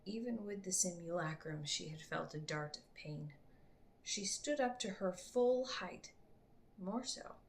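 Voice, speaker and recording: A woman reading her own book aloud to her family in an unhurried way, slipping into soft whispers. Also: lowish voice, lively intonation, slight background noise.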